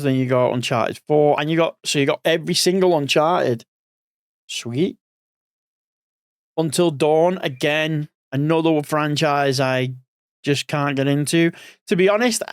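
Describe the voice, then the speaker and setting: A man's voice: on the high side, smooth, no room sound, clean studio sound. A man in his forties giving casual gaming commentary as a streamer, rambling and thinking aloud, a bit sleepy. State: sleepy, yawning.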